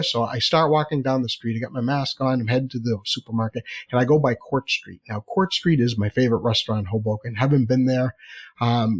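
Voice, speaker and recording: A man telling a personal story in a chatty, animated way, repeating phrases for effect. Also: medium pitch.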